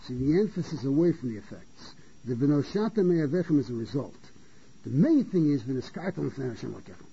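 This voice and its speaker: A rabbi teaching a class gives a Torah lecture in a high, husky, mellow voice. He is halting, circling back over his words, repeating phrases, restarting sentences, posing rhetorical questions to the class and often clearing his throat. The recording is dull and lo-fi.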